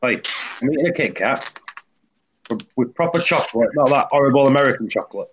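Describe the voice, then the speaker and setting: A man's voice: medium pitch, animated, a little fast. A man, chatting casually and teasing the others as a stream guest. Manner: teasing, banter. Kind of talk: casual chat. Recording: muffled stream audio, faint noise.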